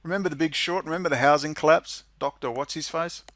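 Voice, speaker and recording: A man's voice: a little high, fast, no echo. A middle-aged man with an Australian accent gives a sarcastic, mocking monologue, reading out legislation and commenting on it. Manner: sarcastic, mocking, swings into loud incredulous laughter. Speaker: political commentator.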